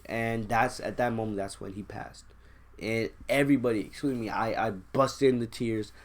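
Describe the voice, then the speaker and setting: A young man on his own channel, casually retelling a film's ending in an excited, rambling way, with many restarts. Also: on the low side, moderate pace. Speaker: YouTube host. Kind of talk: casual film recap.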